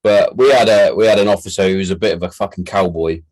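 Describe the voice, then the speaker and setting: Sweary British podcast host. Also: male voice, low voice, fairly even intonation, fast, a little mellow, low-quality recording. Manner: sweary, reactive, banter-heavy. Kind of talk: casual chat.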